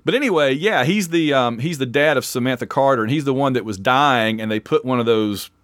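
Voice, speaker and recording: Podcast co-host: man, mid pitch, chatty and enthusiastic, dry close sound. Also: fairly quick, a bit bright, dry recording. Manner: chatty, enthusiastic fan, self-interrupting. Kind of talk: casual chat.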